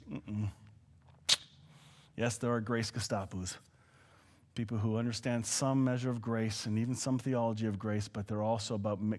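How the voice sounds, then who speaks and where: A man preaching a casual sermon in a church hall, acting out quoted dialogue as he talks. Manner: conversational, acts out quoted dialogue with swings in pitch and volume. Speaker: pastor.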